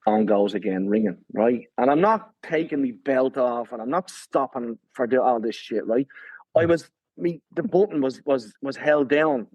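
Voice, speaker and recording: Husky man telling a story. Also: mid-range voice, lively intonation, moderate pace, darkish tone, no room sound, low-quality recording. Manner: swearing, repeats "right?" often. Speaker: guest runner. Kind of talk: animated storytelling.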